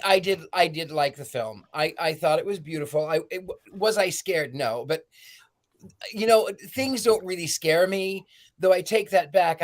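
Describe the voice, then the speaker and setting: Male co-host, lively and chatty, slightly high voice, casual podcast tone. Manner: animated, apologetic, chatty. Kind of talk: casual film discussion.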